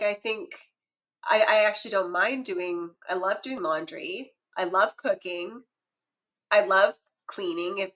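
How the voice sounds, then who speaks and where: Animated woman telling stories. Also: medium pitch, rough recording. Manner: animated storyteller, laughs often. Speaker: podcast guest. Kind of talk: casual podcast conversation.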